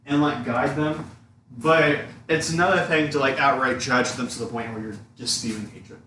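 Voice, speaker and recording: A man's voice: medium pitch, steady tone, normal speed, sharp tone. A young man chatting casually while baking in a home kitchen, earnestly explaining his views. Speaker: co-host of baking video. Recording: echoey room, from far off mic, faint noise.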